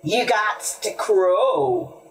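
A woman's voice: mid-range voice, steady tone, extremely slow. A woman voicing a feisty male rooster with a clipped, folksy drawl, heard in a roomy, distant recording with faint music. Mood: sassy.

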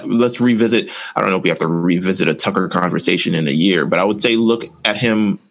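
Rambling low-voiced male podcast host. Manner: opinionated, loose, rambling. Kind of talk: casual wrestling chat.

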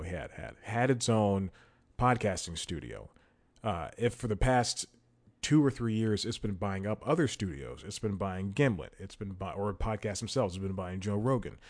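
Young male solo podcast host, lowish voice, casual and rambling, lots of restarts, chuckles mid-story. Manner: rambling, many restarts and self-corrections; chuckles while telling stories.

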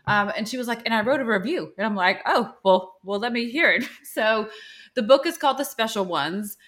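A woman's voice: a little high, expressive, a little fast, fairly bright tone. A woman in her thirties or forties co-hosting a podcast, telling a chatty anecdote and acting out the dialogue. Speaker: podcast co-host. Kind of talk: casual storytelling chat.

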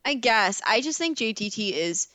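A woman co-hosting a podcast, chatting in a rambling, expressive way. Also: on the high side, moderate pace, no room sound. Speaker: podcast co-host. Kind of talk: casual podcast chat.

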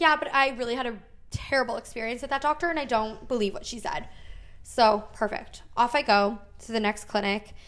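Woman, thirties, podcast host; chatty storyteller, lots of "like", slightly high pitch. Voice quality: frequent "like" fillers, animated retelling with quoted dialogue. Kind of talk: casual storytelling chat.

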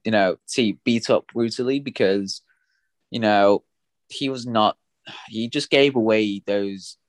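A man's voice: fairly low pitch, unhurried, dry recording. A man co-hosting a podcast, chatting casually about a film, often stammering and repeating words as he talks. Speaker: podcast co-host. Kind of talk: casual film review chat.

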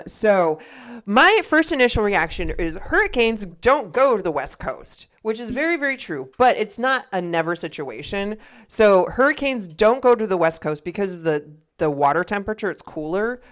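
A woman co-hosting a podcast, recapping a movie in rambling casual chat and often laughing. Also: lowish voice. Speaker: podcast co-host.

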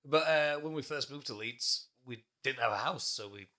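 A man's voice: mid-range voice, moderate pace, sharp tone. A man hosting a casual podcast, joking, laughing and swearing as he tells stories. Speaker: podcast host.

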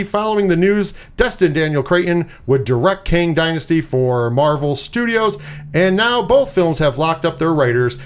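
A man hosting a casual pop-culture chat, animated and swearing freely, with lots of repeated words. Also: a little high. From US Northeast. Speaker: podcast host.

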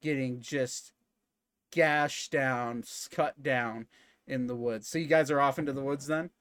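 A man narrating as game master of a tabletop game in a casual, halting way with many fillers. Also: medium pitch, fairly even intonation, a bit bright, smooth, dry recording, studio quality.

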